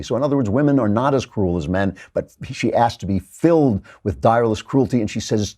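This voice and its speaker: A man's voice: fairly low pitch, big pitch swings, brisk, hardly any pauses, warm tone, husky. A man hosting a commentary monologue, earnest and lecturing, with frequent restarts. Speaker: host.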